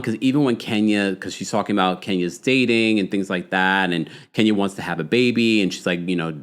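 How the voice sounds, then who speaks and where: A man hosting a live reality TV recap stream, chatting casually and reading out viewer comments. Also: on the low side. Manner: chatty and animated, with frequent fillers and asides to viewers. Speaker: host of a reality TV recap livestream.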